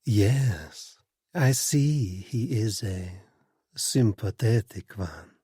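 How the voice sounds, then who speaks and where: A man reading an audiobook and voicing a striking woman in her thirties with a smooth, silky voice and a slow, regal manner. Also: on the high side, warm tone, dry recording, clean studio sound, pitched above the performer's own voice. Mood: languid.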